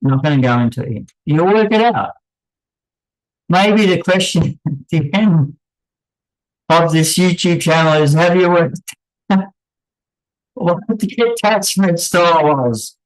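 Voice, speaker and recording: A man hosting his own channel, speaking in unscripted commentary with halting, pausing delivery and wry, apologetic asides. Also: on the high side, poor audio. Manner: halting, pausing, with many restarts. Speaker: channel host.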